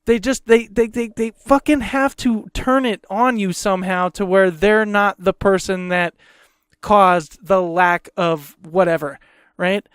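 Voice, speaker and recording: A man's voice: sits high, steady tone, unhurried, clean tone, no room sound, clean studio sound. A man hosting a podcast, ranting heatedly in a casual, profane way and repeating himself. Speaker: podcast host.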